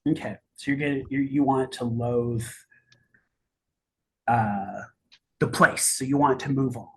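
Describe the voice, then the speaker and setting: Husky-voiced game master narrating a tabletop game, stop-start delivery. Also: mid-range voice, steady tone, darkish tone. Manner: halting, full of restarts and fillers.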